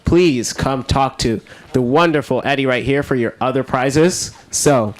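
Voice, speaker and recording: A man's voice: mid-range voice, measured pace. Man casually wrapping up an event. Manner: relaxed, casual, friendly wrap-up. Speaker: event emcee. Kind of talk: closing announcements at a live event.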